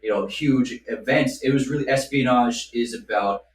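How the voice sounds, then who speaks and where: A man's voice: mid-range voice, normal speed. A man in his thirties on a podcast, talking casually and playfully. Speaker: podcast host. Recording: echoey room, distant mic, faint noise.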